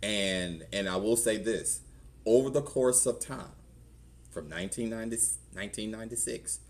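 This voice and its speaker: Deep-voiced Southern pastor telling a story. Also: male voice, moderate pace. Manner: conversational storytelling, acts out quoted voices. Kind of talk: testimony sermon. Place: church.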